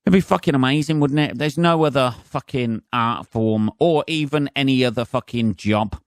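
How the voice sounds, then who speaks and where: A man's voice: medium pitch, moderate pace, no room sound, studio quality. A man hosting a comedy podcast alone, ranting sarcastically and swearing constantly, slipping into mocking voices. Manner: sweary, sarcastic, mimics voices mid-rant. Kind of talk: solo comedic rant.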